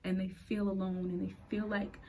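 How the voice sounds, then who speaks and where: A woman in her late twenties hosting a podcast. She tells her personal faith story in an earnest, halting way and is close to tears. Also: medium pitch, flat delivery, warm tone, a little hiss or hum, low-quality recording. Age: late 20s. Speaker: podcast host.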